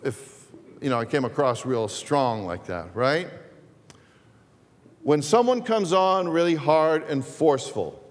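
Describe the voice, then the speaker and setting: Slow-speaking pastor in an echoing church. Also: male voice, fairly high pitch. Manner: unhurried, repeats key phrases, asks the congregation. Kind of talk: sermon. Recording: long reverb of a church hall.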